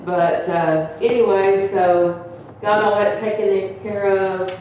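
A woman's voice: mid-range voice, fairly even intonation, slow pace, darkish tone, slight background noise. A woman, chatting through a personal testimony and acting out the voices of the people in it. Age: 70s. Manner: chatty, acts out quoted voices. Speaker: church member sharing a testimony. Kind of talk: casual storytelling testimony. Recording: echoey room, distant mic.

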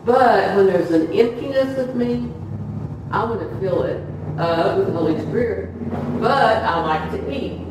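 A woman's voice: mid-range voice, noisy background. A woman giving an informal testimony sermon to a congregation, a chatty storyteller who laughs through her stories. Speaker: church speaker giving testimony. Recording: echoey hall, far from the mic.

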